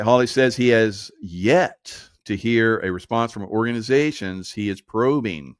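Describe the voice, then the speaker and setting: A man's voice: fairly low pitch, no room sound, clean studio sound. A man hosting a casual political commentary show, sarcastic and laughing through mocking asides.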